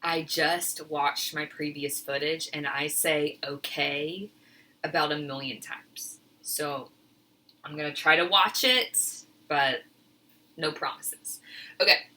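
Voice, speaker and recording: A woman's voice: low-pitched, slow pace, pushed and bright. A woman teacher talking casually through a home cooking demonstration in her kitchen, chatty and a bit flustered, poking fun at herself. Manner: chatty, self-deprecating, flustered. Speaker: teacher filming a cooking video.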